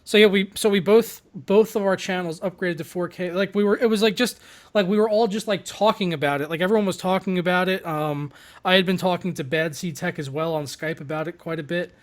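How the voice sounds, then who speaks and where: A man hosting a casual tech and gaming podcast, chatting fast and excitedly with loose slang. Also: high-pitched. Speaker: host.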